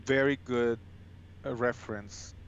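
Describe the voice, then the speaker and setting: A man's voice: mid-range voice, steady tone, unhurried, dull audio. Italian man, mid-range voice, thoughtful podcast guest, faint background hiss. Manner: thoughtful, restarts words often. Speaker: podcast guest, coffee machine company CEO. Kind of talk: casual conversation.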